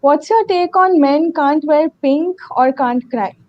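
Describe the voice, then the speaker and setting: A woman's voice: sits high, unhurried. A woman moderating a question session, polite and deferential as she reads out questions. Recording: dull lo-fi audio.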